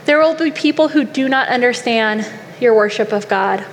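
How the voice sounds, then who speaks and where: A woman's voice: a little high, moderate pace. A woman preacher giving an earnest, exhorting sermon to a women's gathering in a large hall. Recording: long hall reverb, faint noise.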